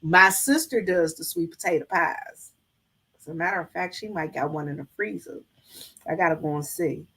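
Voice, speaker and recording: A woman's voice: on the low side, moderate pace, sharp tone, a little hiss or hum. Folksy woman telling church stories. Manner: folksy storytelling, addresses viewers as y'all. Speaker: vlogger. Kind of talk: casual chat to live viewers.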